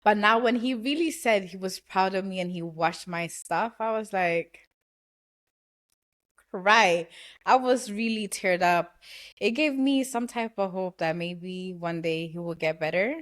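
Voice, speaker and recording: Woman from Ghana, young adult, podcast host, casual unhurried chat, slips into slang. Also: mid-range voice. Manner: slow, chatty, laughs often, switches into Caribbean slang.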